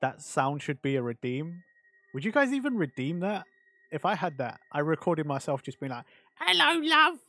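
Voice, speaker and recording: Man, casual livestream chat, rambling with fillers, slightly high pitch, dry close mic. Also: animated, moderate pace, no room sound. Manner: chatty and rambling, answers chat with many fillers. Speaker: streamer.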